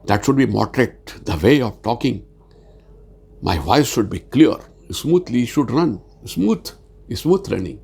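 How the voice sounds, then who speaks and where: Trainer, male, gravelly voice, earnest halting delivery with frequent fillers. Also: mid-range voice, sing-song, a little mellow. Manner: halting, repeats words, earnest; speaks slowly with many fillers. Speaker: sales communication trainer. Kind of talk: informal spoken lecture.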